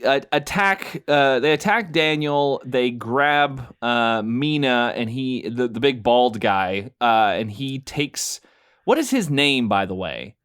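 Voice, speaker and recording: A man's voice: medium pitch, expressive, slow pace, a bit bright, clear, resonant tone. A man co-hosting a podcast, recapping a film in casual chat with lots of fillers and restarts, often laughing as he talks. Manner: amused, laughs while talking. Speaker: podcast co-host.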